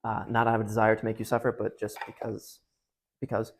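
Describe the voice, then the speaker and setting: A speaker at a parish gathering retelling a story to a group in a casual, animated way. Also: mid-range voice, brisk.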